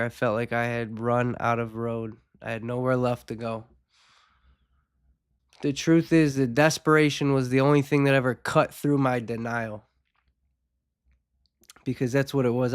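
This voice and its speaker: A man of middle pitch speaks with a congested, nasal tone left over from a recent cold. He hosts his own show and talks in a candid, unhurried way, dropping soft rueful laughs between his thoughts. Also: smooth, dry recording, clean studio sound. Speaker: podcast host. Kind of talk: reflective personal talk on addiction recovery.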